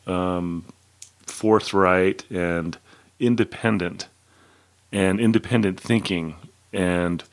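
A man in a casual book discussion, speaking in a measured, slightly hesitant way and reading out facts he looked up. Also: deep voice, steady tone. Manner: measured, reads out dates he looked up, hesitant fillers.

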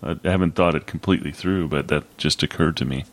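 A man's voice: rumbling low, quick pace. A man co-hosting a podcast, talking casually about a film, hesitant and thinking aloud. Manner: hesitant, with many fillers and restarts. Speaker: podcast co-host.

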